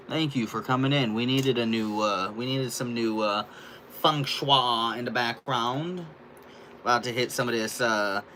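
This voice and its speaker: A man's voice: mid-range voice, moderate pace, a bit bright. Rambling young man on a noisy livestream. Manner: rambling, loose, lots of fillers and profanity. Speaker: livestream host. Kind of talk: casual livestream chat.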